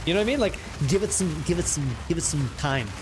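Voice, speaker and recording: A man's voice: on the high side, expressive, quick pace, music in the background. A man streaming a game, chatting casually with his viewers, joking and swearing freely as he reads the chat. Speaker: livestream gamer.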